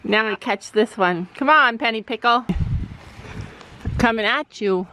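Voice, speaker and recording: A woman's voice: on the high side, a little slow, sharp tone, soft background music, low-quality recording. A woman vlogging outdoors in a paddock, coaxing and chatting to her horse. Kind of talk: casual vlog talk while handling a horse.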